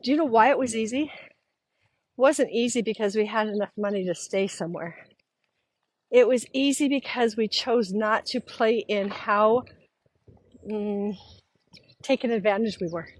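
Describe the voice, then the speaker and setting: A middle-aged woman tells a story in an animated, casual style, stepping into the voices of the people she quotes. Her voice sits high. The sound is dry and close. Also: unhurried, long pauses, dry recording. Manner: animated, acts out quoted voices, laughs often. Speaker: podcast host.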